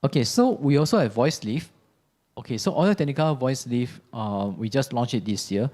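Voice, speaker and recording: A man giving a relaxed, chatty product demo in a workshop classroom, often checking in with "okay?". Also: mid-range voice, normal speed. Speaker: audio product trainer. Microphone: ceiling and handheld microphones in a live demo.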